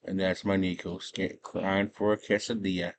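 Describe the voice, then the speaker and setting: A man's voice: low voice, little pitch movement, moderate pace. A man hosting a movie chat from home, retelling a plot in a laid-back, slangy way. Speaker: movie review vlogger. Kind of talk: casual chat.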